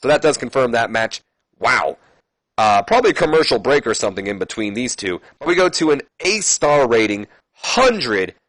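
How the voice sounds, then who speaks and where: A man's voice: mid-range voice, big pitch swings, moderate pace, fairly bright tone, no room sound. A man casually narrating a simulation game, rambling with fillers and correcting his own slips. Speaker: let's play commentator.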